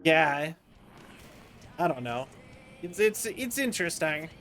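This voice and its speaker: High-voiced, tired, rambling streamer man. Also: very animated, slow pace, fairly bright tone, a little hiss or hum. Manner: rambling, self-interrupting, chatty. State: tired, yawning. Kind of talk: casual livestream commentary.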